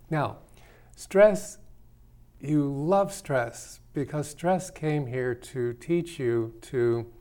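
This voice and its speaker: A man's voice: mid-range voice, darkish tone. A man hosting a call-in talk show, rambling and playful, teasing his listeners as he explains his ideas. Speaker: radio show host.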